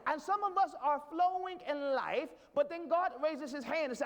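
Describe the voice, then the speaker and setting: A man's voice: very high-pitched, lively intonation, moderate pace, a bit bright. A man pastor a sermon, emphatic, repeating his questions for effect.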